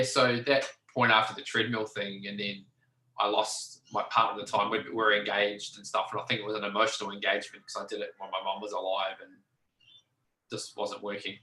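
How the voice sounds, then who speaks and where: A man's voice: lowish voice, sharp tone, reverberant, poor audio. A man telling his story bluntly in an interview, swearing freely and acting out the people he quotes. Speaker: podcast guest.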